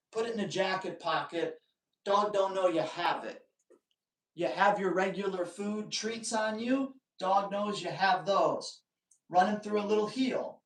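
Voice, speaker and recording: A man hosting a live dog training Q&A, giving blunt, emphatic advice in short, punchy commands. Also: high-pitched. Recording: roomy, distant from the mic.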